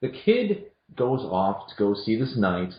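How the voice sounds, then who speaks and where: A man co-hosting a casual film review chat, giving blunt opinions in an animated way. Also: fairly low pitch, unhurried. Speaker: co-host. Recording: dull lo-fi sound in a roomy echo.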